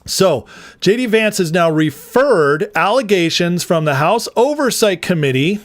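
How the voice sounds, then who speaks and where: A man's voice: on the high side, no room sound. Chatty, laughing male livestream host. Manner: chatty, rambling, laughs often. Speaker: political commentary host. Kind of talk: casual livestream commentary.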